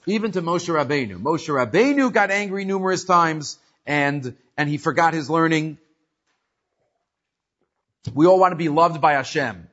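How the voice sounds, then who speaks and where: A man with a highish voice teaches a casual Torah class at a measured pace, pausing often. He tells stories animatedly and keeps restarting his sentences, all captured on a muffled, lo-fi recording.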